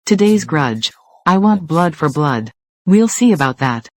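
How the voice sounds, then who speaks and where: In this dubbed drama, one voice actor plays several corporate rivals who trade threats over control of a company. The delivery is medium-pitched, sing-song and unhurried, with short, confrontational lines.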